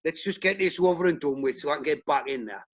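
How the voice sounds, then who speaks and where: A man's voice: a little high, animated, quick pace, dull audio. A man, a punk band singer, telling blunt, profanity-laced stories in a casual interview. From United Kingdom. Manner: blunt, swears heavily, tells stories acting out quotes.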